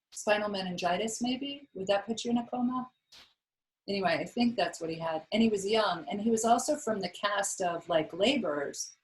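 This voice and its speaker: A woman's voice: lowish voice, poor audio. A woman yoga teacher talking her class through a practice in a chatty, rambling way with lots of fillers. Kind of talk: casual yoga class talk.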